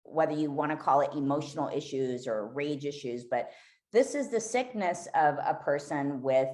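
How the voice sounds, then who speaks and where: Very low-voiced woman telling her story. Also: lively intonation, normal speed, darkish tone. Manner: raw, emotional, swears freely. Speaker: podcast guest. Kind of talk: candid personal storytelling.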